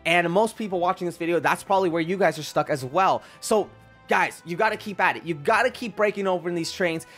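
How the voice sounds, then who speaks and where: An excitable man narrating a game walkthrough, talking straight to his viewers. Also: sits high, brisk, faint music behind. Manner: excitable, addresses viewers as guys and ladies and gentlemen. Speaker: gaming video creator. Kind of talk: gameplay walkthrough commentary.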